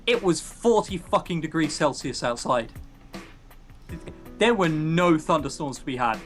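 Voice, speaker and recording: Streamer, blunt, swears freely, animated delivery; faint music bed. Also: medium pitch, a little slow. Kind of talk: casual game chat.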